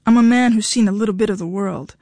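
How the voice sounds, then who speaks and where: A woman's voice: medium pitch, fast talker, warm tone, dry recording, lightly acted. A woman reading the lines of a desperate, insistent husband whose voice cracks, in an audiobook. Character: desperate pleading married man.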